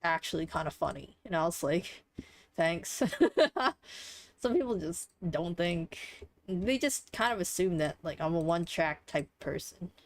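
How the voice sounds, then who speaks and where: A woman's voice: on the low side, animated, measured pace, no echo. A young adult woman streaming live, talking through a game in a rambling, offhand way and swearing casually. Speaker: livestreamer.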